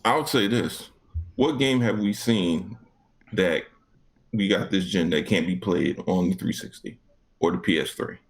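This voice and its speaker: A man's voice: low voice, unhurried, husky. A man co-hosting a gaming podcast, ranting casually with lots of profanity and acted-out back-and-forth. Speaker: podcast co-host.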